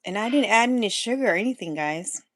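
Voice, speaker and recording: A woman's voice: medium pitch, expressive, fast talker, fairly bright tone, dry recording, clean studio sound. A woman hosting a casual live-stream chat for her food channel, rambling and laughing often as she talks straight to her viewers while sipping coffee.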